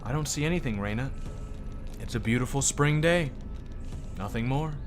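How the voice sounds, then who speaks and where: A man voicing a calm, reassuring male detective in a game, measured and low-key. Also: music in the background, lightly acted. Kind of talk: reading game dialogue aloud.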